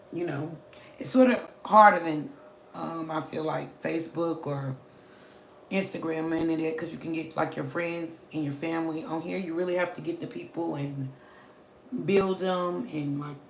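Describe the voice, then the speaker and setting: Hoarse woman chatting on a live stream. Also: lowish voice, a little hiss or hum. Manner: chatty, greets viewers in many languages. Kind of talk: casual live-stream chat. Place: small room at home, indoors. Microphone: phone camera. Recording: roomy home recording.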